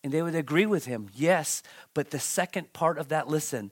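A man preaching a Bible-teaching sermon, dramatic and halting, repeating words and restarting as he swings between loud outbursts and hushed near-whispers. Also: on the high side. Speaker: pastor.

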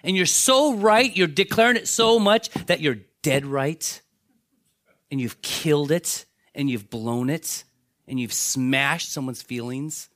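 Animated male preacher, slightly high voice. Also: slow, dry recording, studio quality. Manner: animated storytelling, acts out voices of biblical characters. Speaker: pastor. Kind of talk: sermon.

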